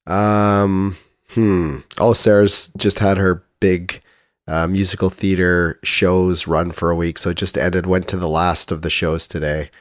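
A middle-aged man co-hosting a casual podcast, easygoing and halting, holding back a cough. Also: sits low, flat delivery, no room sound, studio quality. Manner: easygoing, halting, restarts often. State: fighting a cough. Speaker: podcast co-host. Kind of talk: casual chat. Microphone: studio microphone.

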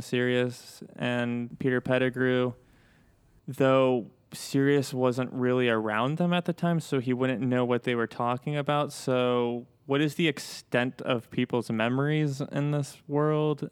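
A man's voice: mid-range voice, clear, resonant tone, no echo. A man co-hosting a podcast in casual chat, joking and swearing freely. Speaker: podcast co-host and editor.

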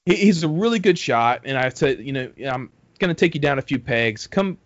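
A man's voice: mid-range voice, expressive, fairly quick, no echo. Profane storytelling man. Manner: rambling, heavy swearing, acts out quotes. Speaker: podcast host telling a story. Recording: dull dry close mic.

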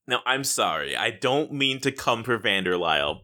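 A man hosting a casual gaming podcast, animated and profane. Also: on the low side, normal speed, few pauses. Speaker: podcast host.

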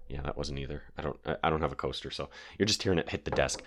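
A man's voice: a bass voice, rapid-fire, few pauses, background noise. A man with a sore throat hosting a casual solo podcast from his home basement, rambling with lots of fillers and digressions. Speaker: podcast host.

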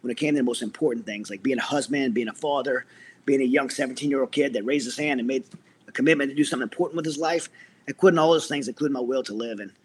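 A man's voice: mid-range voice, quick pace, slight background noise. A middle-aged man, a military veteran, earnestly telling his personal story as an interview guest, with many restarts.

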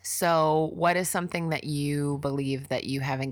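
A woman hosts a relaxed podcast conversation with a low voice. She laughs often and is openly affectionate with her guest. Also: moderate pace. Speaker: podcast host.

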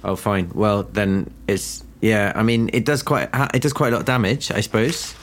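A man's voice: on the low side, steady tone, normal speed. A man playing a tabletop game, teasing the others in a wry, casual way. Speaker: player.

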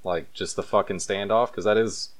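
A man's voice: fairly low pitch, steady tone. A man co-hosting a casual chat, talking loosely and swearing. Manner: quick, loose talk with swearing. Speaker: podcast co-host.

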